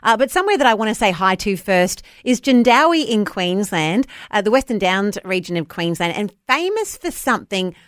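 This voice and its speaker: A woman's voice: medium pitch, very animated, normal speed, hardly any pauses, no room sound, clean studio sound. A woman hosting a breakfast radio show with bubbly, laugh-filled banter. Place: radio studio.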